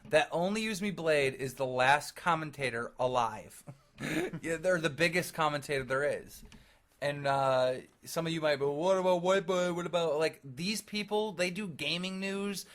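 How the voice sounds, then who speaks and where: A man co-hosting a casual podcast chat, talking bluntly with lots of swearing. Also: fairly high pitch. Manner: profane, blunt, animated storytelling. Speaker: podcast co-host.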